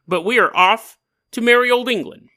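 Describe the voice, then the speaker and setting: A man's voice: very high voice, moderate pace, sharp tone. A man hosting a paranormal storytelling podcast, telling the tale in a rambling, joking way. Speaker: podcast host.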